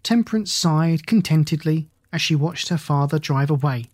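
An audiobook narrator reading a children's novel in a steady, measured way. The voice sits mid-range. It is recorded on a close mic with no room sound at all. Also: medium pitch, no echo. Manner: measured and even storytelling.

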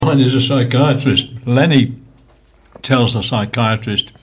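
A man's voice: medium pitch, unhurried, a little hiss or hum. Man telling a joke on air.

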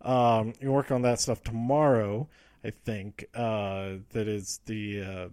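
A man's voice: on the low side, flat delivery, darkish tone, dry recording. Rambling man, dry close sound. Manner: rambling, frequent fillers and restarts, quotes wrestlers in quick asides. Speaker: podcast host recapping wrestling. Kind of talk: casual rambling recap.

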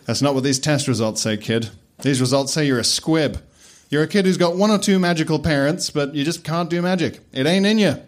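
A man's voice: on the high side, fairly quick, lightly acted. A man voicing a lazy, crude old male headmaster wizard who talks casually, swears, and chuckles. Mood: laid-back. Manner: laid-back, swearing, chuckling.

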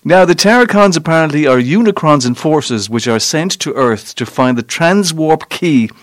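A man's voice: on the high side, lively intonation, normal speed, no echo, clean studio sound. Chatty man reviewing films. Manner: chatty, rambling, keeps asking "you know what I mean". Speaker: film reviewer. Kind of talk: casual radio chat. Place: radio studio.

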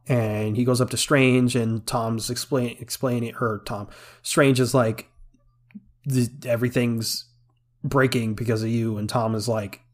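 A man co-hosting a casual podcast, recapping a film scene by scene with lots of fillers and laughter. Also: medium pitch. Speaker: podcast co-host. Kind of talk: casual movie review chat.

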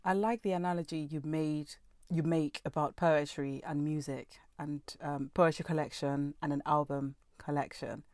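A woman with a slightly low voice leads a literary interview, framing careful, analytical questions. Her voice sounds dry and close to the mic. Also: steady tone, moderate pace, a little mellow, no room sound.

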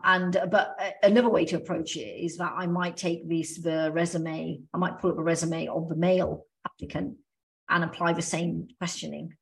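A woman's voice: fairly low pitch, little pitch movement, moderate pace, vocal fry. A woman co-hosting a casual podcast chat, thoughtful, working her ideas out aloud with restarts. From Australia. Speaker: podcast co-host.

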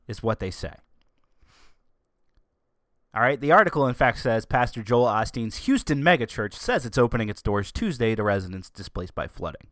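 A man's voice: mid-range voice, fairly bright tone, no echo, studio quality. Sarcastic ranting male commentator. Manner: reads news article aloud. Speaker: political commentator. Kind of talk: opinionated commentary.

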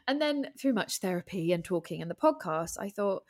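A woman on a podcast, chatting casually and telling personal stories with lively acted-out thoughts. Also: moderate pace. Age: adult with a husband and a child. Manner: animated storytelling, acts out her own thoughts in high voices. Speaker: podcast guest, comedian and writer. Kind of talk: casual interview chat.

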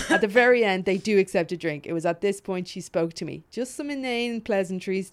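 A woman reading a funny story aloud on a podcast, often laughing, stopping to comment and swearing freely. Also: fairly low pitch. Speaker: podcast co-host.

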